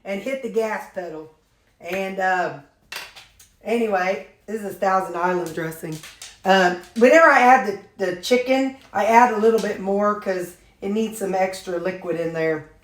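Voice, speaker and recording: A rambling, talkative woman, chatting at a middle pitch while she fixes her supper. The sound is roomy, with her voice bouncing around a home kitchen. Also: moderate pace. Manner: rambling, chatty storytelling with many fillers. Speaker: vlogger showing her meals. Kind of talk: casual chat while preparing supper.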